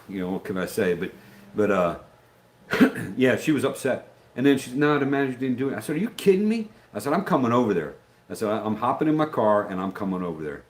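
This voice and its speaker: A man's voice: lowish voice, a little hiss or hum. An older man, chatting casually on his live stream, rambling with many fillers and restarts.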